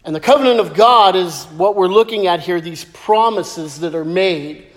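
A man preaching a sermon as pastor, lively and joking as he tells stories. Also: high-pitched, normal speed. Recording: echoey hall with long reverb.

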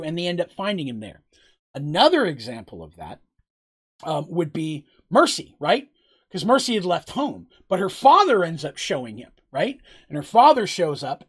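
A game master casually narrating and answering questions during a tabletop game. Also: medium pitch. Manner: casual, chatty, asks "right?" often.

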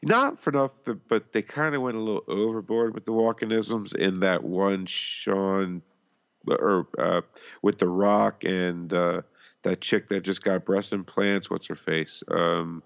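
A man co-hosting a casual movie-review podcast, talking in halting bursts full of fillers and laughing along. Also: lowish voice, vocal fry, dull audio. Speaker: podcast co-host.

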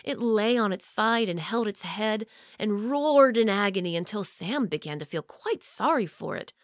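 A woman reading a children's story aloud, expressive and dropping low and quiet for the tense parts. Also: normal speed, no room sound, studio quality.

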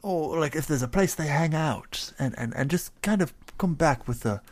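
A man's voice: on the high side, lively intonation, moderate pace. A man playing his character in a tabletop game, hesitant and fussily polite, stammering often. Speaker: player.

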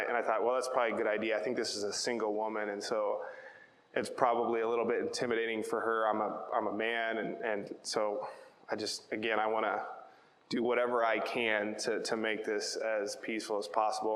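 Male preacher, conversational storyteller, low voice, long hall reverb. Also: a bit bright. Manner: conversational storytelling, repeats words, asks "right?". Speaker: pastor. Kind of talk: sermon with personal story.

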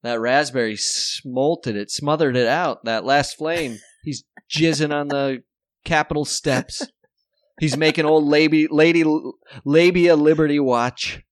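A man with a slightly raised pitch, hosting a comedy podcast in loose, rambling banter. He jokes constantly and laughs at his own lines. The sound is dry and close. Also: fairly even intonation, no room sound. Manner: jokey, rambling, quick to laugh. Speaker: podcast host.

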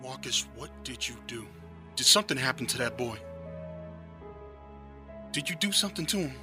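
A man's voice: mid-range voice, lively intonation, normal speed, music in the background, close to an everyday voice. An actor playing a stern, protective sharecropper father named George in an audio drama.

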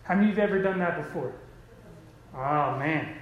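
High-voiced preacher in an echoey hall. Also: male voice, brisk, long pauses. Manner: preaching, calls out to the congregation. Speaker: pastor. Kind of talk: sermon.

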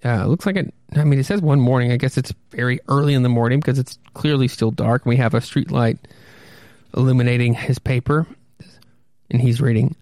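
A man's voice: mid-range voice, brisk, mellow, no echo, studio quality. A man hosting a podcast, describing comic panels in a casual, rambling way with wry asides and self-corrections. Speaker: podcast host. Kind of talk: casual comic commentary and read-aloud.

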